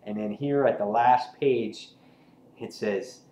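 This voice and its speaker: A man casually reviewing a comic book, rambling and excitable, swearing freely and retelling scenes with lots of "he's like". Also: on the low side, takes it slowly. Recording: echoey room with faint noise.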